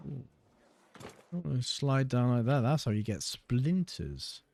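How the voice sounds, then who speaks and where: A man's voice: medium pitch, very animated, measured pace, creaky, a little mellow, slight background noise. A man giving casual, offhand let's-play commentary with dry jokes. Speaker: gameplay commentator.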